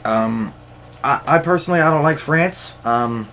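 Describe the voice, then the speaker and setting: A man's voice: a little high, moderate pace, fairly bright tone, a little hiss or hum. A man in young adulthood hosting his own podcast, ranting in a rambling, profane way with lots of fillers and restarts. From United States. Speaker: podcast host. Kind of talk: casual solo rant.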